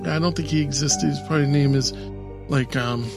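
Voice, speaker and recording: A man with a somewhat high voice chats loosely as a podcast co-host, piling up ums and likes and laughing often. Music plays clearly underneath him throughout. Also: steady tone, a little fast. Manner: rambling, filler-heavy, laughs easily. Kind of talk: casual chat.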